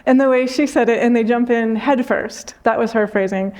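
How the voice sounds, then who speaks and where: A woman spiritual teacher giving a reflective talk after meditation, telling a story gently with frequent soft laughter and unhurried phrasing. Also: on the high side, steady tone.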